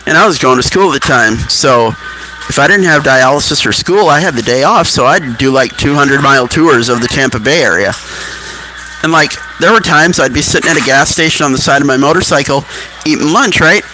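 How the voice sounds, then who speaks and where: A man's voice: fairly high pitch, brisk, pushed and bright, a little hiss or hum, low-quality recording. A man in his thirties telling rambling personal stories, often losing his thread. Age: 30s. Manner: digressive, loses his thread mid-story.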